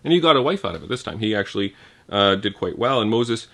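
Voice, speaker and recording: A man's voice: on the low side, very animated, quick pace, creaky, sharp tone. A man giving an informal Bible teaching, thinking aloud with restarts and asking his listeners "right?".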